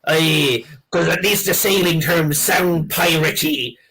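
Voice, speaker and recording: Male comedy guest, giggly and quick, voice a bit high. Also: crowd noise, low-quality recording. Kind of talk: casual comedy chat.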